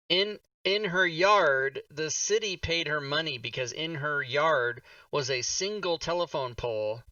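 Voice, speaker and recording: A man hosting a casual chat, his voice bright and forceful but set back from the mic. The sound is dull and muffled, and he tells his stories with animated, profane energy. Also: on the high side, no echo, far from the mic. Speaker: host.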